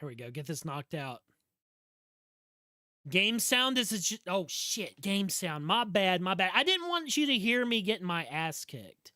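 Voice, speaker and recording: A man's voice: fairly high pitch, bright, forceful tone, dry recording, studio quality. A young man with a Southern US drawl casually chatting and joking while streaming a game, talking back to chat. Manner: slurred drawl.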